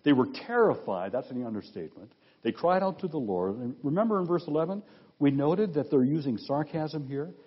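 A man gives a teaching sermon with a slightly husky, fairly high voice that rises and falls in lively swings. He reads scripture aloud and stops to question his listeners. The recording sounds dull and lo-fi. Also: fairly quick. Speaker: pastor. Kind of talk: expository sermon.

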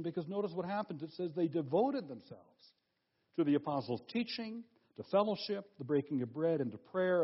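Husky-voiced preacher with lively delivery. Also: male voice, fairly high pitch, muffled recording. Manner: emphatic preaching, rhetorical questions, slows for key phrases. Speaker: pastor. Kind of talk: sermon.

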